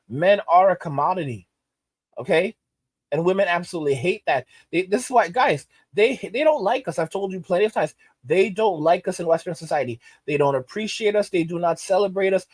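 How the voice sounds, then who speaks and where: Male host, ranting commentary, slightly high voice, emphatic and repetitive, dry close sound. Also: no echo. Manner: emphatic, repeats phrases, frequent restarts. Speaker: channel host.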